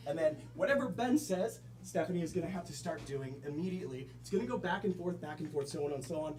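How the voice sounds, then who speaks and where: A man hosting a live improv comedy show, loud and joking as he explains the rules to the audience. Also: fairly high pitch, animated, fast talker. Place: comedy theater stage. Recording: live crowd around.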